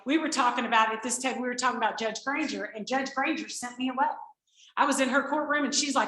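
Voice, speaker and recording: A woman tells her personal recovery story to a group in an animated, storytelling way. Her voice sits a little high and rings bright and forceful. The recording is echoey, as in a meeting room. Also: fast talker. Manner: animated storytelling, acts out quoted exchanges. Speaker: recovery speaker. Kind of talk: personal testimony talk.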